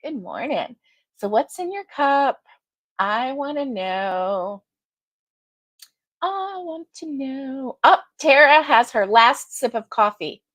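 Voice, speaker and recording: A woman's voice: sits high, animated, slow pace, fairly bright tone, no echo. A woman hosting a casual live chat, greeting viewers by name and laughing often. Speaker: livestream host.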